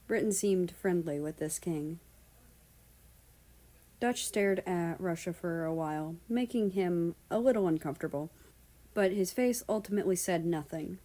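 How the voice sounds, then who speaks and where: Woman reading a story, low-pitched. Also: a little slow, poor audio. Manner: even, storytelling. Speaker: story reader. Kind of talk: reading fan fiction aloud.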